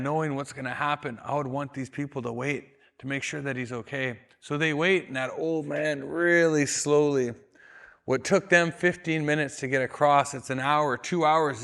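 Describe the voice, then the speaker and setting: A Canadian man, a storyteller and educator, telling a traditional story in a calm, measured way, slowing down for emphasis. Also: mid-range voice, creaky. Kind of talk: oral storytelling.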